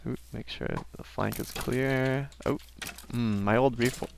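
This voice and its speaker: Gravelly young man rambling over gameplay. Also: medium pitch, fairly even intonation, slow, slight background noise. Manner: rambling, self-aware asides. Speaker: gaming commentator. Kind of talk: casual let's-play commentary.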